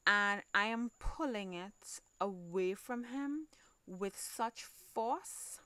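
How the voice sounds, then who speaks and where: A woman with a Trinidadian accent hosting a podcast, telling a personal story in a halting way, repeating words, swearing and sometimes dropping almost to a whisper. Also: medium pitch, bright, forceful tone, dry recording. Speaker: podcast host.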